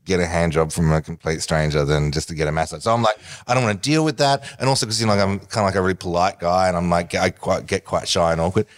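Aussie guy, low-ish voice, telling a funny story, keeps laughing and doing little voices. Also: fast, hardly any pauses. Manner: animated storyteller, acts out voices, laughs often. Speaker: guest. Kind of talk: casual anecdote telling.

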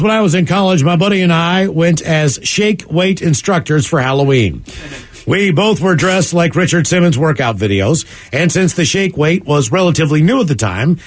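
A man's voice: a little high, moderate pace. A man hosting a comedy radio show, reading listener emails in a casual, jokey way. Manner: animated, jokey, shouts and sings now and then.

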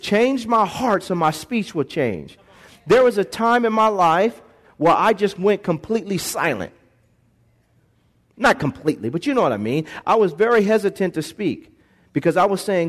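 A man pastor preaching a lively sermon in a church, acting out voices and calling for responses from the congregation. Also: high voice, normal speed. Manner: animated preaching, acts out voices, call-and-response.

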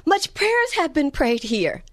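A woman voicing an elderly Jamaican grandmother with a Jamaican accent who calls out loudly and fervently. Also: sits high, very animated, no room sound, studio quality, pitched above the performer's own voice, exaggerated voice. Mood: awestruck. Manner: exclaiming loudly, drawn-out.

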